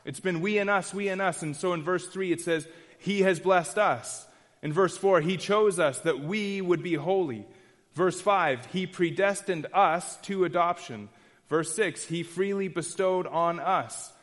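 Earnest preacher, higher voice, reverberant hall. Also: male voice, measured pace. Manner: earnest, emphatic repetition with frequent restarts. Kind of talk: expository sermon.

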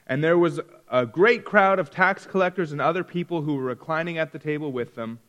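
Man, Bible class teacher, slightly high voice, chatty and questioning, reverberant hall. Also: a bit bright. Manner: conversational, asks the class questions. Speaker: Sunday school teacher.

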